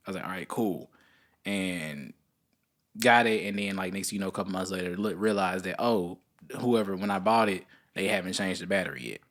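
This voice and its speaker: Guy on a podcast telling a story, kinda low voice, keeps jumping way up high when he quotes people. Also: fairly quick. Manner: animated storyteller, acts out quotes in a higher voice. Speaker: podcast co-host. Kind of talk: casual chat, storytelling.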